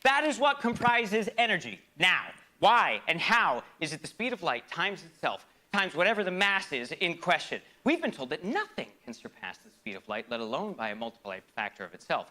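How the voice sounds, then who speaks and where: A man performing a theatrical comic monologue, swinging between loud outbursts and hushed asides in a mock-grand, philosophical manner. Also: a little high, sing-song, moderate pace, hardly any pauses. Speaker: stage performer.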